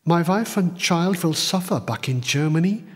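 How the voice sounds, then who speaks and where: A man doing a quiet, resigned young spy. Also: on the high side, moderate pace, husky. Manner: calm and subdued. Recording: long reverb.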